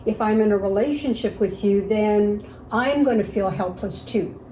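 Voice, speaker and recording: Mellow-voiced woman in an echoey room. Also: mid-range voice, normal speed, slight background noise. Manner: reflective and earnest, with frequent agreeing interjections. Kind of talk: casual conversational discussion.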